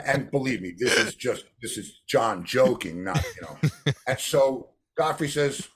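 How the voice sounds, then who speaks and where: A man's voice: medium pitch, measured pace. A male drummer and producer being interviewed, telling anecdotes and acting out the voices of the people in them. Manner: animated storyteller who acts out quoted voices.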